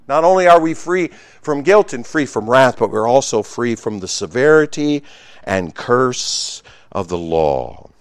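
A man preaching a sermon, emphatic and conversational, swinging between loud exclamations and hushed asides, with humorous remarks to the congregation. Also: medium pitch, sing-song, unhurried, dry recording, clean studio sound. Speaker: pastor.

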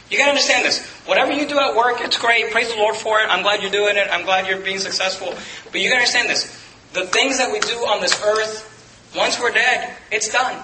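A man's voice: very high-pitched, echoey room, noisy background. A man preaching a sermon, emphatic and repetitive, pointing his listeners to Bible verses. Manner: emphatic, repeats phrases, directs listeners to verses. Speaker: pastor.

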